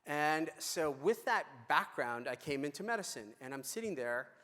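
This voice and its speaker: A man's voice: fairly high pitch, expressive, normal speed, fairly bright tone. A middle-aged man giving a conference talk, telling a story in a conversational way with fillers and restarts. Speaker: conference speaker. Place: large conference hall. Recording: reverberant hall.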